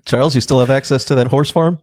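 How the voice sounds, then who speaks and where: A man's voice: mid-range voice, steady tone, quick pace, darkish tone, dry recording, clean studio sound. A man co-hosting a comedy podcast, telling a crude joke in a matter-of-fact way. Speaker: podcast co-host.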